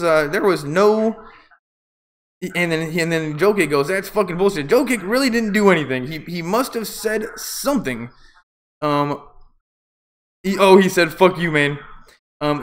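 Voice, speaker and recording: A man's voice: fairly high pitch, slight background noise. A man doing casual live play-by-play commentary, rambling and opinionated with jokey asides.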